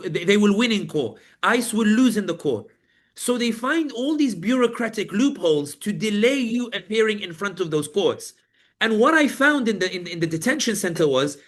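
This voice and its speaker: A man's voice: high-pitched, fairly bright tone. A man, a journalist guest on a live panel, recounting his experiences as vivid storytelling, acting out the people he met in quotes. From Britain. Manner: vivid storytelling, acts out guards and inmates in quotes.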